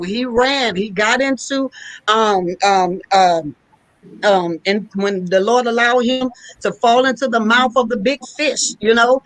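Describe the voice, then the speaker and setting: A woman's voice: on the high side, a bit bright, dry recording, poor audio. Female apostle, preachy emphatic delivery, dry close sound. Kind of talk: preaching discussion.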